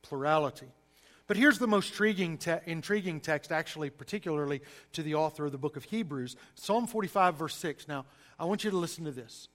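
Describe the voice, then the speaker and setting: A man with a Southern US accent giving an emphatic, lively sermon-style Bible lesson to a church group, with folksy asides. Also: fairly high pitch, a little fast. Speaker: preacher teaching a class.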